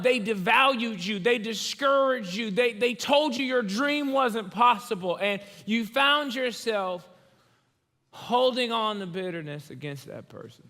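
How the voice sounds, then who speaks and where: A young man preaching a sermon as pastor in a church, telling stories in an animated way and acting out the voices he quotes. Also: very high-pitched, unhurried, in a large hall. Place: church auditorium.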